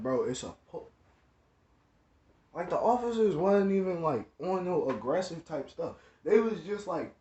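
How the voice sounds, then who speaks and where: A man's voice: on the high side, big pitch swings, moderate pace, a little mellow. A man telling a story about his past in slangy, casual speech, often repeating himself. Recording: echoey room, dull lo-fi sound.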